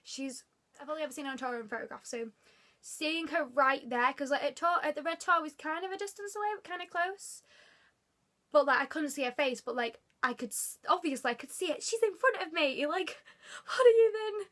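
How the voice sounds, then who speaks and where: A woman talks straight to the camera in a high, very bright voice, gushing with excitement. Her story tumbles out in casual bursts full of "like" and half-finished thoughts. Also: fairly quick. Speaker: vlogger.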